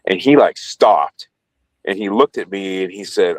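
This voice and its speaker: A man's voice: deep voice, measured pace, no room sound. A middle-aged man telling a long personal story on a video call, rambling and correcting himself, with laughs along the way. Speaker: podcast guest, former carrier sailor. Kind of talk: casual storytelling interview.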